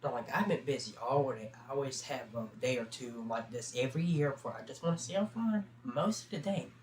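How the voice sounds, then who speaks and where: A man's voice: medium pitch, fairly quick. A teenage boy hosting a livestream, telling a long story in a loose, chatty way full of fillers. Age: teens. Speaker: livestream host. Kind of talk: casual rambling storytelling. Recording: roomy sound with faint background hum.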